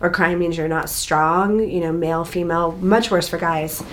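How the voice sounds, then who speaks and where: A woman in her thirties talking in a relaxed, expressive way, telling stories with laughter. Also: fairly low pitch, moderate pace. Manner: animated, expressive storytelling with laughs. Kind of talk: casual chat.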